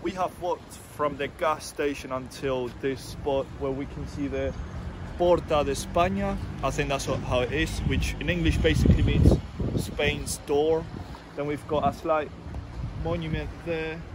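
A man's voice: fairly high pitch, steady tone, unhurried. A man narrating a casual travel vlog outdoors by the sea. He rambles a little and guesses at place names. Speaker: travel vlogger. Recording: loud wind noise outdoors.

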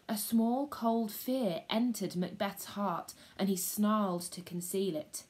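A woman teacher, reading a story aloud to a class and pausing to explain it casually. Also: medium pitch. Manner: slow, expressive storytelling with casual asides.

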